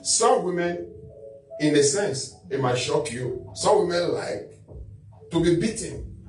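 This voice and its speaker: A bishop speaking as a talk-show guest, teaching on marriage in a loud, preacherly way. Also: male voice, fairly high pitch, lively intonation, slow pace. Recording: echoey room, distant mic, faint music.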